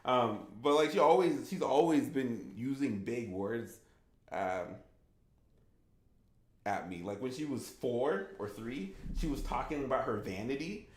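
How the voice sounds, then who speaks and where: A man's voice: mid-range voice, animated, a little slow, darkish tone. A man in his thirties, a gaming streamer chatting casually and rambling with lots of "like" and restarts. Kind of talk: casual livestream chat. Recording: echoey room.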